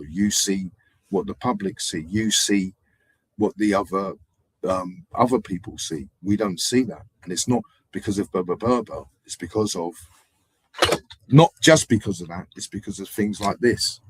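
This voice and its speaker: Husky low-voiced man rambling. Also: normal speed. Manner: rambling, animated anecdotes in street slang. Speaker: livestream host. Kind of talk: casual livestream storytelling.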